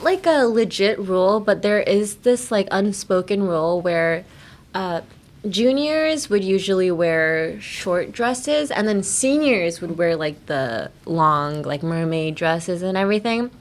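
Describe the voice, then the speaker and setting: A young woman hosts a casual language podcast. She is playful and giggly, sliding easily into chatty asides. Her voice sits at a middle pitch. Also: expressive, takes it slowly. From United States. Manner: playful, giggly, switching between English and Japanese. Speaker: podcast host. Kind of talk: bilingual casual teaching chat.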